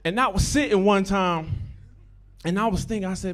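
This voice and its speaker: A stand-up comedian works a club stage into a handheld mic at a moderate pace. His set is profane and repetitive, lurching between loud outbursts and quiet mumbling.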